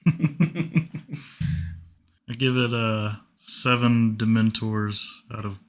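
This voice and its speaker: A man's voice: lowish voice, extremely slow. A young man co-hosting a podcast, making short, dry, teasing remarks in casual chat. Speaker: podcast co-host.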